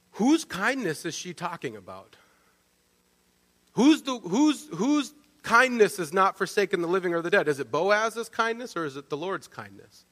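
Male pastor, sermon, animated storytelling, high pitch, long hall reverb. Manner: animated storytelling, with frequent restarts and "right?" asides.

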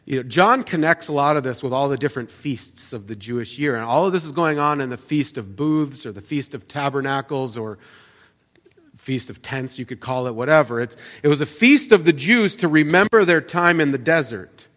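Conversational preacher in an echoing church. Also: male voice, mid-range voice, moderate pace. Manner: conversational, with fillers and restarts; swings from soft asides to loud emphatic peaks. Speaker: pastor. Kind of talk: sermon. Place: church sanctuary.

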